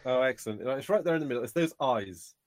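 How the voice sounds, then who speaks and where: A man, co-hosting a casual chat show and tossing in questions and quick asides. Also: medium pitch, animated, crowd noise. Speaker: podcast co-host.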